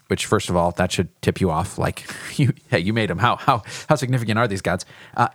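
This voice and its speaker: A man with a fairly low voice guides a podcast Bible discussion as a pastor. He thinks aloud and often circles back and restarts his sentences. The sound is dry and close, with no room around it. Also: animated, moderate pace, fairly bright tone, dry recording.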